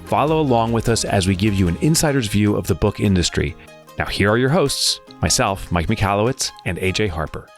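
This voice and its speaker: A man co-hosting a podcast, telling stories in casual chat and mimicking others in a high voice. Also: animated, fairly quick, faint music behind. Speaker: podcast co-host.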